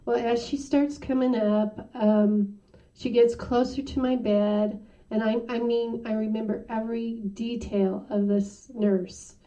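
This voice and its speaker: A woman giving a personal testimony in an interview, halting and full of "you know" fillers. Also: fairly high pitch, fairly even intonation, warm tone. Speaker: interview guest. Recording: muffled sound from a distant mic.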